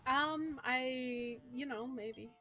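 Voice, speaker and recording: Co-host: woman, slightly higher voice, dry teasing wit, faint game music behind. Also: extremely slow, bright, forceful tone. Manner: dry, teasing, laughs often. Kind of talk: casual chat over gameplay.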